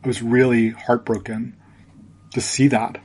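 Man, husky voice, podcast guest, reflective storytelling, halting, lots of restarts. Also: mid-range voice, flat delivery, darkish tone. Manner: halting, many restarts and fillers.

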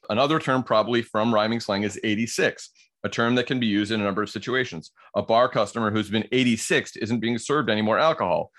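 A man's voice: on the low side, fairly bright tone. A man co-hosting a podcast, explaining word origins in casual banter, laughing often and reading passages aloud.

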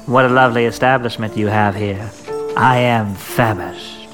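A man playing a prim, overly polite gentleman traveler in a comedic audio drama. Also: on the low side, fairly even intonation, normal speed, over music, lightly acted.

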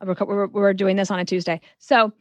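A woman's voice: medium pitch, level tone, moderate pace, dry recording. A woman guest on a podcast interview, frankly giving career advice and telling stories from her work. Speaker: guest author.

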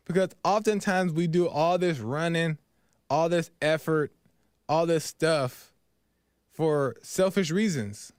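A man's voice: fairly high pitch, slow pace, smooth, no echo, clean studio sound. A man hosting a podcast, earnestly retelling a parable and reflecting on it, often tagging lines with "right?" and repeating himself. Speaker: podcast host. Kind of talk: storytelling reflection.

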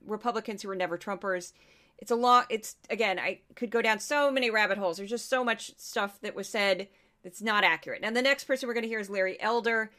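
A woman hosts a podcast, talking through news clips in a loose, sarcastic way. She trails off, restarts, and drifts into asides. Her voice sits a bit high. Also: a bit bright. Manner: sarcastic, rambling, many restarts. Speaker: podcast host. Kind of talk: casual commentary on news clips.

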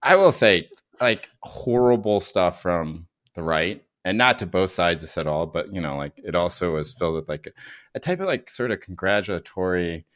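A man's voice: low-pitched, lively intonation, normal speed. A man co-hosting a casual political chat, rambling with many fillers and restarts. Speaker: podcast co-host.

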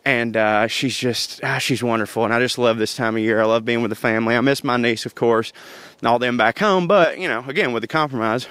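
A man's voice: medium pitch, fairly quick, a bit bright, clear, resonant tone, dry recording. Laughing man telling stories. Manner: chatty, laughs often, Southern turns of phrase like y'all. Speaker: podcast host. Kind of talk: casual storytelling monologue.

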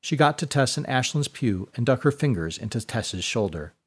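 Male narrator, mid-pitched, steady descriptive storybook reading. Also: normal speed, husky.

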